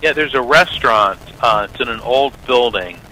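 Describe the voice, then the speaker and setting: A man as a radio interview guest, an animated storyteller who acts out the voices of the people in his story. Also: medium pitch, moderate pace, slight background noise, poor audio. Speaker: guest, psychic medium and lawyer.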